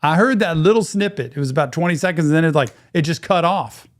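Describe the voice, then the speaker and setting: A therapist reacts to a song with casual commentary, enthusiastic and reflective, talking over the track as music plays in the background. His voice is on the high side, expressive, and fast.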